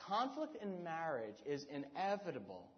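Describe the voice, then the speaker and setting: Preacher man, high voice, lo-fi sound, animated sermon, engages the room. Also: moderate pace, noisy background. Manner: storytelling, animated, asks the congregation to call out answers. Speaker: pastor. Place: church hall before a live congregation.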